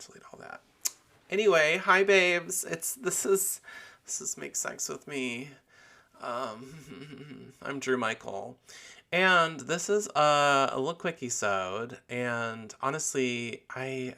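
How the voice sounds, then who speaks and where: A man's voice: mid-range voice, vocal fry, bright, forceful tone. A man hosting a casual solo podcast, rambling with many fillers and restarts. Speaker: podcast host.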